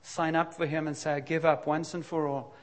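Brisk and frank, this middle-aged pastor gives a confessional sermon in a voice pitched a little above most men's. He alternates relaxed, conversational stretches with sudden bursts of emphasis.

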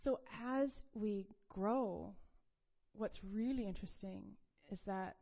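A woman preaches in a relaxed, conversational way, sharing a personal faith story. She talks with animated storytelling and laughs often. Her voice sits at a mid pitch, and the recording sounds a little dull and muffled. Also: slow pace, gravelly. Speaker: speaker giving a testimony.

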